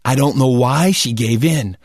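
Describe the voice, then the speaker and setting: Casting: expressive male storyteller, comic and animated, bone-dry close recording. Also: mid-range voice, unhurried, husky, no room sound. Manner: animated, comic, rising into shouts at wild moments. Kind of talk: spoken personal story.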